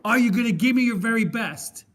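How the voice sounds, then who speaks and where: Man doing an intense coach, urgent and repetitive, pitched high. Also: animated, quick pace. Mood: demanding. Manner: urgent, repeating demands. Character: intense male football coach pushing a player.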